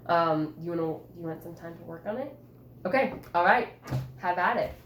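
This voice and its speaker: A woman teacher holding a one-on-one writing conference with a student, patient and encouraging, coaxing with gentle questions. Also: on the low side, moderate pace, a little hiss or hum. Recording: roomy echo.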